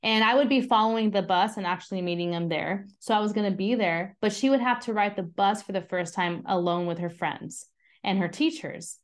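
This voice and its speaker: A woman's voice: mid-range voice, brisk. A woman in her thirties, a mother giving a casual, earnest faith talk who chats with her listeners and asks them questions. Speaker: mom sharing a devotional talk.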